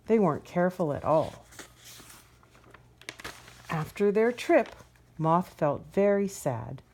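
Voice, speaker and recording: Gentle, low, mellow woman reading a picture book aloud. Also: slow, a little hiss or hum. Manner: gentle, expressive read-aloud. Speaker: storyteller.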